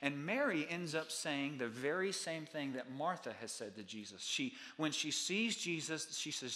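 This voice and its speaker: A middle-aged male pastor preaching a sermon with an earnest, repetitive cadence, dropping his voice softly on key lines. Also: fairly high pitch, expressive, normal speed, few pauses.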